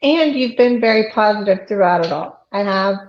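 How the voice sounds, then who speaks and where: A woman's voice: mid-range voice, expressive, moderate pace. A woman chatting with a friend, supportive and laughing along with her stories. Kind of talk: casual chat. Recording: dull, echoey sound.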